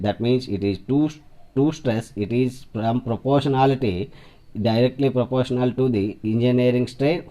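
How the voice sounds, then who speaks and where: A man teaches an engineering class in a mellow, dark-toned voice. His phrasing is halting and repetitive, and he often restarts a sentence as he walks through a diagram. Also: medium pitch. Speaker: engineering lecturer. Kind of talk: classroom lecture explaining diagrams.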